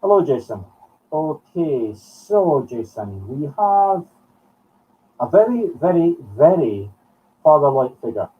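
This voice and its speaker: A Scottish man speaks in short, halting phrases, thinking aloud as he gives readings on a live broadcast. His voice sits a bit high for a man and sounds husky. The sound is dull and muffled, as if he were a little away from the microphone. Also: very animated, distant mic. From Scotland. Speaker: medium. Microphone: streaming from home.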